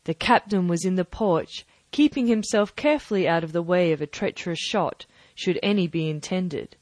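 A woman narrating a classic adventure novel aloud, measured and even. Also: lowish voice, dry recording. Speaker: audiobook narrator. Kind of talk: scripted narration.

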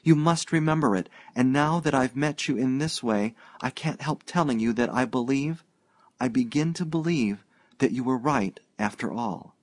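A man's voice: medium pitch, normal speed, dry recording, pitched above the performer's own voice, close to an everyday voice. A shy and troubled young woman with a raised, lighter voice, hesitant and earnest, her words faltering, as a male audiobook reader plays her. The recording is dry and close. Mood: pleading. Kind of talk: audiobook reading.

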